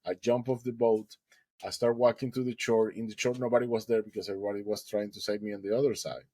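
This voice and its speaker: A man's voice: fairly low pitch, steady tone, fast talker, warm tone, no echo, poor audio. A man, a guest in an interview, telling a story animatedly and acting out its dialogue.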